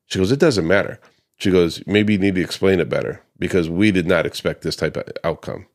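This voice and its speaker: A man's voice: deep voice, brisk. A man who runs a paver restoration business, casually recounting a client dispute, slipping into the voices of the people he quotes, with plenty of ums and restarts. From United States. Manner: conversational, acts out quoted customers, frequent ums and restarts. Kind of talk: casual storytelling to camera.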